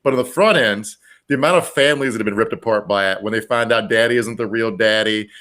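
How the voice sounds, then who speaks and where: A man with a fairly low voice co-hosts a relaxed comedy chat. He rambles through wry, crude asides in an offhand way. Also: quick pace. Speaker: co-host.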